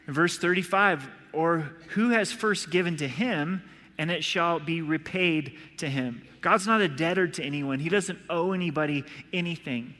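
Male pastor, earnest sermon delivery, bright tone, reverberant hall sound. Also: on the high side, normal speed. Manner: earnest, acts out voices in illustrations.

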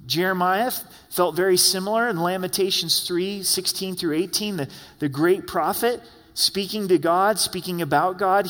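A man's voice: sits high, normal speed, hardly any pauses, a bit bright, long reverb tail. A man preaching a sermon as pastor in a conversational style, often acting out the words of the people he quotes. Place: church sanctuary.

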